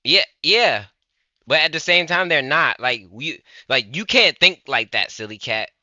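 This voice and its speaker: A man's voice: on the high side, animated, a little slow, pushed and bright, no room sound, muffled recording. A young man hosting a live-stream reaction, chatting loosely and talking to his viewers. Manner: loose and rambling, talks to chat.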